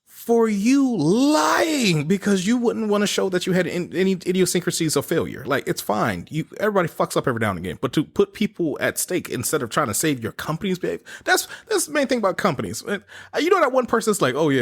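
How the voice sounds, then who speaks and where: A male co-host speaks in a husky, somewhat high voice that swings widely in pitch. He is emphatic and stumbles over repeated words while cursing in loose podcast chat. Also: huge pitch swings, fast.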